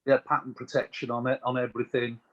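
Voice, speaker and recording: A British man, a business owner as interview guest, telling anecdotes in a chatty, animated way. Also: mid-range voice, fast, muffled recording.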